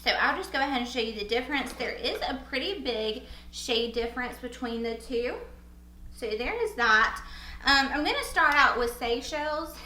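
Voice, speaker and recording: A young woman with a Southern US accent chatting casually through a makeup tutorial, bubbly and quick to laugh at herself. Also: fairly high pitch, animated, sharp tone, roomy sound, rough recording. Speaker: beauty vlogger.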